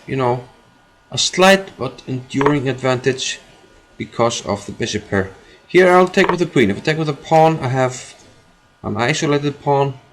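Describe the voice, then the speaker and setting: A man streaming his own chess game, commenting live as he thinks aloud, repeating phrases and filling pauses. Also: mid-range voice, a little hiss or hum.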